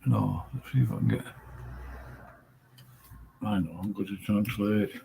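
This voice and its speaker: Slow, rambling male livestream host. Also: on the low side, vocal fry, mellow, a little hiss or hum. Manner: slow, rambling, thinks aloud with many pauses. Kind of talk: casual solo livestream chat.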